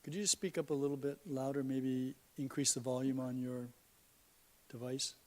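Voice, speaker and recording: A man mayor chairing a council meeting in a brisk, matter-of-fact way. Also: medium pitch, steady tone, darkish tone.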